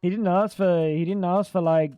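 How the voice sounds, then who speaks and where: A man's voice: sits high, steady tone, moderate pace, warm tone, clean tone, no echo, studio quality, faint music behind. A man live-streaming a video game in casual, chatty commentary, swearing freely and calling everyone "dude". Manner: chatty, swears a lot, keeps saying "dude". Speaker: gaming streamer.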